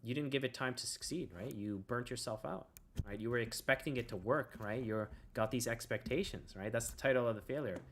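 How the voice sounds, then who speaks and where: A man's voice: medium pitch, brisk, fairly bright tone, a little hiss or hum. Laid-back man rambling about success. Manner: rambling, keeps asking "right?"; laid-back, says "bro" and swears. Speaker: self-help video host. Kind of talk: casual motivational talk.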